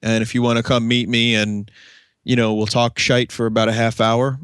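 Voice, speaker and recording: A man's voice: medium pitch, level tone, normal speed, a bit bright, clear, resonant tone, dry recording. A man co-hosting a casual gaming podcast, laid-back, joking and profane, voice a bit strained. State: voice strained after a convention. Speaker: podcast co-host.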